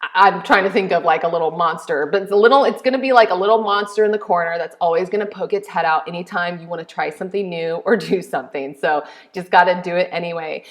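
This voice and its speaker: A woman in her thirties coaching a workshop on business. She talks in an excitable way, speaking straight to her viewers and building energy as she goes. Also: on the low side, fast, hardly any pauses. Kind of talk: online workshop teaching.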